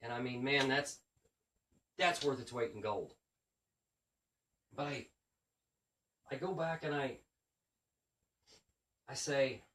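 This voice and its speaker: This children's book author speaks slowly in a mid-range voice, pausing often as he casually relates tales of visiting schools. He animatedly mimics how he talks to the children, with roomy sound from a mic placed far away.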